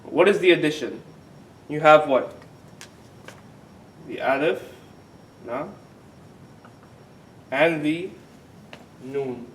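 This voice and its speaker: A man teaching an Arabic grammar class, asking the students questions, having them repeat words and drawing words out slowly to model them. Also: distant mic. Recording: echoey classroom recording with faint rumble.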